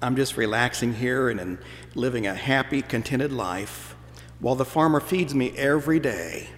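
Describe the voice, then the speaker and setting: A man voicing a smug, lazy farm pig that mocks a donkey in a drawn-out, gloating way. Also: mid-range voice, animated, close to an everyday voice. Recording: church hall reverb.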